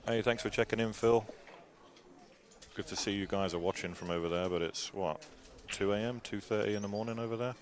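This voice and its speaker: A man doing live pool commentary in a chatty way, with dry asides and a habit of trailing off softly. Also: fairly low pitch, a little fast. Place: pool hall. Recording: live venue with crowd noise. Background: crowd chatter.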